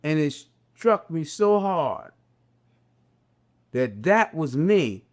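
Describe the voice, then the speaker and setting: An older man with a Southern US drawl, giving a slow, conversational religious reflection with drawn-out, repeating phrases. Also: fairly high pitch. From American South, raised in a city. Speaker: religious teacher.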